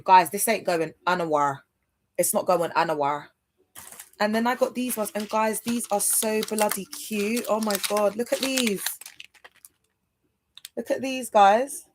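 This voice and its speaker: A woman's voice: medium pitch, a little hiss or hum. A woman chatting on a livestream from home, rambling and speaking straight to her viewers. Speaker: livestream host. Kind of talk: casual livestream chat to viewers.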